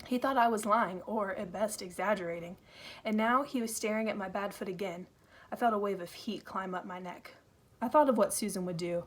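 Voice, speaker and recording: A woman reading a first-person novel aloud, in an earnest, steady storytelling manner. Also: mid-range voice, fairly quick. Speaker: audiobook reader.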